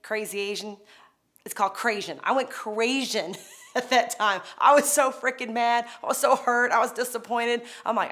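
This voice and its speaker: A woman co-hosting a marriage lesson, telling a personal story in a casual, animated way and often laughing. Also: on the high side, normal speed. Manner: animated, laughing, acts out quotes. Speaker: co-host of a marriage course.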